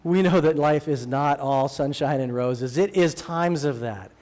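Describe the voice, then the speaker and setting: A man preaching a sermon as a guest speaker in a church sanctuary, in a relaxed, joking way that slows down to stress key phrases. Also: fairly high pitch. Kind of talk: conversational sermon.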